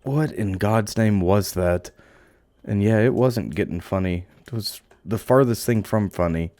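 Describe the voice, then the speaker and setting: A man giving animated let's play commentary, exclaiming and joking as he plays. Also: lowish voice, a little slow, no echo. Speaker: game commentator.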